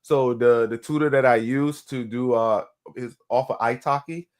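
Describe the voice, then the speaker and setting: Guy on a podcast, kinda rambly, keeps restarting, middle pitch. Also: steady tone, normal speed. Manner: rambling, hesitant, lots of fillers and restarts. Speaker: podcast co-host. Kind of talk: casual chat.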